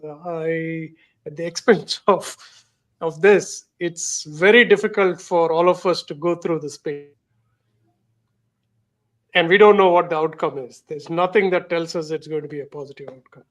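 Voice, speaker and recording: A man hosting a casual tech and business chat, speaking in a measured, thoughtful way. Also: a little high, fairly even intonation, fairly bright tone. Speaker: host.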